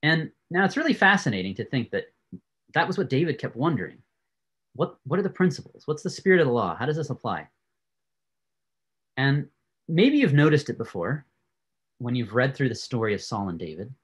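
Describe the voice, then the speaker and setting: Brief: male Bible teacher, lively and expressive, swinging pitch, laughs easily. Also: a little fast, pauses often. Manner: animated storytelling, frequent laughs. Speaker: Bible class speaker. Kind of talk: Bible class lecture.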